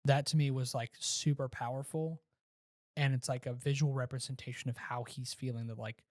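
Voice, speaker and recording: A man co-hosting a casual movie-review podcast, retelling scenes in an animated way and often restarting his sentences. His voice sits at a middle pitch and is recorded close and dry, with no room sound. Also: normal speed, dry recording. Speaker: podcast co-host.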